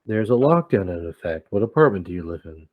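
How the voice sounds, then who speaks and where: A man voicing a police officer who speaks in a gentle, courteous, measured way in a tabletop game. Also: low voice, sing-song, no echo, phone-quality sound. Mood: calm. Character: calm, polite male police officer.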